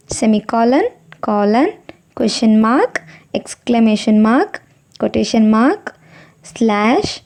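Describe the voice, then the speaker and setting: A woman's voice: fairly high pitch, warm tone. A woman with an Indian English accent teaching an online primary school English lesson. She asks questions, answers them herself, and often adds "isn't it?".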